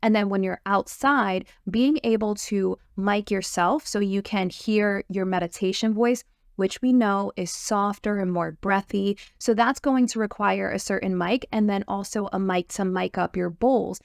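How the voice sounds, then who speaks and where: A woman's voice: mid-range voice, unhurried, gravelly, dry recording, studio quality. A woman hosting and promoting her sound therapy course, talking with upbeat eagerness. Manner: upbeat, eager, fillers and restarts. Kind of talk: enthusiastic course promo chat.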